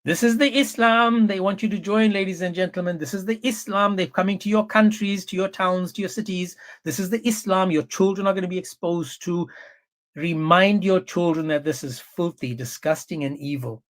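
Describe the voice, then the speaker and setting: A man hosting a livestream, talking in a forceful, scornful, repetitive way. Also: high-pitched, fairly even intonation, moderate pace. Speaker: livestream host. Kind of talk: heated livestream commentary.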